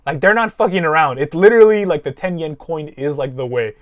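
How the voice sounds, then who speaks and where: A man's voice: a little high, brisk. A man hosting a podcast, telling a long story in casual, profane chat. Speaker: podcast host.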